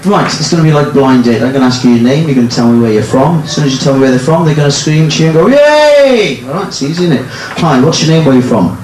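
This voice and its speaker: A man's voice: medium pitch, rapid-fire, hardly any pauses, background noise. A man working as a stage hypnotist, teasing volunteers and the crowd with cheeky banter during a live nightclub show. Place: nightclub stage in front of an audience. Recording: echoey club, loud music and crowd.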